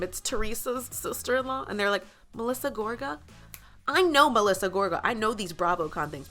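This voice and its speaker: A woman, hosting a podcast and telling a personal story in a casual, animated way, often jumping up in pitch when she acts out what people said. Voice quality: animated, lots of quoted voices and pitch jumps. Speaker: podcast host.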